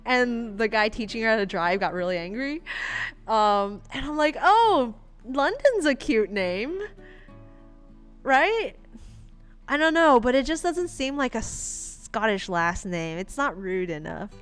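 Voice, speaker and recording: A woman's voice: a little high, expressive, a little slow, a bit bright, clear, resonant tone, faint music behind. A woman streaming her comic art, chatting casually in a rambling, giggly way. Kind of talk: casual livestream commentary.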